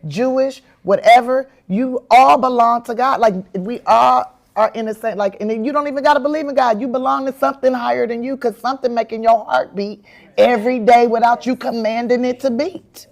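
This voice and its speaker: Comedian lady in her 40s, aave, tells stories all animated, laughs a lot, pitch jumps up when she quotes herself. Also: a little fast, gravelly. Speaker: comedian and actress, interview guest. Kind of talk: candid storytelling in an interview.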